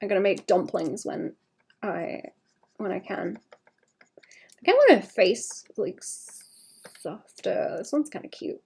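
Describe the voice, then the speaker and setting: A woman's voice: mid-range voice, very animated, slow, vocal fry, long pauses, a little mellow, husky. A woman chatting casually to her stream while drawing, with a slight cough. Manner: chatty, rambling, talks to chat between drawing. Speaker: livestreaming illustrator.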